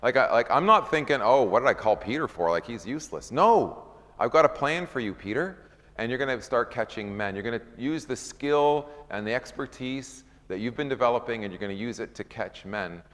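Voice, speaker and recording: A man's voice: medium pitch, lively intonation, moderate pace, fairly bright tone. A man leading an informal Bible study, talking conversationally, asking the group questions and acting out scripture scenes. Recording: long hall reverb.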